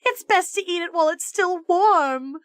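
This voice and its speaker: A woman's voice: very high-pitched, moderate pace, dry recording, studio quality, pitched above the performer's own voice. A woman voicing a cheerful school cook who sings her words sweetly. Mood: sing-song. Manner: sing-song, sweetly insistent.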